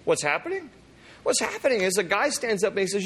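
A man preaching a sermon, reading scripture aloud. He has a fairly high voice. He slips into animated voices for the people he quotes. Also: fast, slightly rough. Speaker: pastor.

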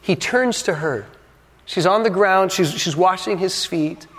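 A man with a fairly high voice preaches from the pulpit, building with dramatic pauses and dropping in playful asides to the congregation. The sound has a long reverb from a large church hall. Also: fairly bright tone. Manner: dynamic preaching, dramatic pauses, acts out quotes. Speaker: pastor. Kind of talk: sermon.

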